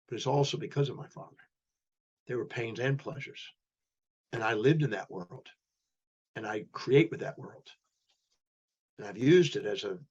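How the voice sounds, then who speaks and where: A man voicing a tearful grown man, an animator, opening up in a soft, low-key way, in a slightly muffled recording. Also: slightly rough.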